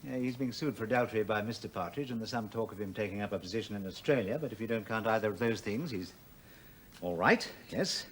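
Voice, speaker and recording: An actor playing a coolly ironic male university official who questions people in a measured, dry, insinuating manner. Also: lowish voice, slight background noise, natural voice. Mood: probing. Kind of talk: 1980s television drama.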